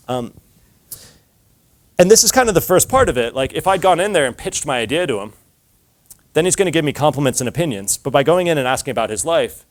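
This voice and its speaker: A man's voice: medium pitch, big pitch swings, fast talker. A man giving a casual talk to an audience, telling stories with lots of filler words and acted-out dialogue.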